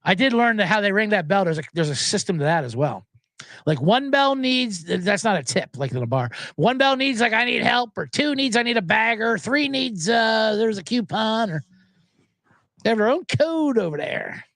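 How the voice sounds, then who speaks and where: A man's voice: high voice, very animated, normal speed, a bit bright, no echo, studio quality. A man hosting a sports betting podcast, ranting in a casual monologue, swearing and acting out voices as he quotes people.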